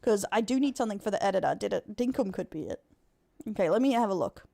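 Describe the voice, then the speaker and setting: A woman's voice: medium pitch, lively intonation, fast talker, vocal fry, mellow. A young Australian woman with an Australian accent, live-streaming a game and chatting with her viewers, swearing and teasing them. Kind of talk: live-streamed gameplay chat.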